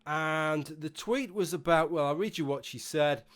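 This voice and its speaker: A man's voice: a little high, measured pace, a bit bright. A man giving a rambling, sarcastic, sweary commentary monologue as a YouTube vlogger.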